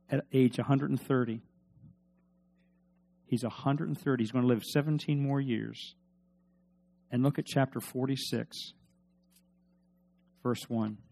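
A man's voice: mid-range voice, gravelly, warm tone. A man preaching a sermon, reading scripture aloud and stressing points with questions to his listeners. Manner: emphatic, asks the congregation questions. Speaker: pastor.

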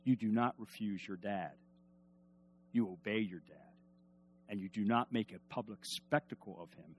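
A man preaching a sermon in an emphatic, animated way, asking the congregation to respond. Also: fairly low pitch, normal speed, slight background noise. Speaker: pastor.

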